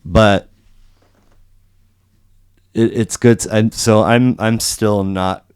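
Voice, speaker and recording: A man's voice: fairly low pitch, fairly even intonation, slow, darkish tone, smooth, no room sound, studio quality. A middle-aged man hosting a podcast, talking casually with many restarts and fillers. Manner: rambling, many restarts and fillers, acts out quotes. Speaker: podcast host. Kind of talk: casual conversational interview.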